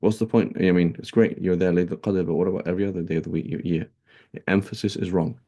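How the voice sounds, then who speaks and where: A man's voice: low-pitched, steady tone, fast talker, warm tone. A man teaching a casual religious lesson, talking conversationally with many fillers and rhetorical "right?" questions. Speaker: Islamic teacher. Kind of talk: casual classroom lecture.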